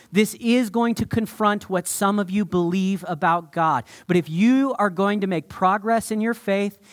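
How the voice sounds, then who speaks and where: A man preaching a sermon with energy, acting out quotes and slowing down to stress his points. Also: high-pitched. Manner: energetic, acts out quotes, slows down for emphasis. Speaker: pastor.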